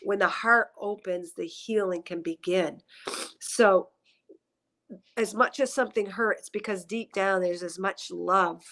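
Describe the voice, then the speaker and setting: A woman's voice: medium pitch, fairly even intonation, measured pace, a bit bright. A woman doing a psychic reading on a headset mic, emotional and tearful as she rambles through her impressions. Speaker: psychic reader. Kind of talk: spiritual reading session.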